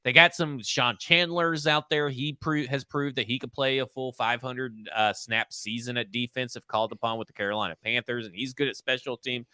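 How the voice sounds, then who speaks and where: Bright, blunt male podcast host. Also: medium pitch, fairly even intonation, fairly quick, hardly any pauses, clear, resonant tone, no room sound, studio quality. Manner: blunt, joking, swears freely. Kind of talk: casual sports podcast chat.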